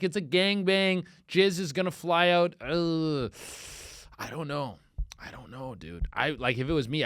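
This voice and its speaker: Animated, bright-voiced male podcast host. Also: mid-range voice, dry recording, clean studio sound. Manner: crude, animated storytelling with acted-out quotes. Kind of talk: casual comedic podcast chat.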